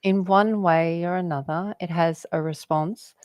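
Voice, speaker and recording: A woman's voice: on the low side, fairly even intonation, unhurried, a little mellow, no echo. A woman talking casually about spirituality, rambling and laughing often as she jumps between word associations. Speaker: guest.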